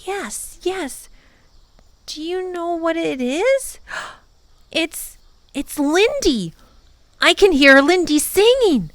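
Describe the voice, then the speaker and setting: A man's voice: very high-pitched, a little slow, fairly bright tone, no echo, pitched above the performer's own voice, exaggerated voice. A woman reading aloud and voicing an eager young boy who speaks in breathless, urgent bursts. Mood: excited.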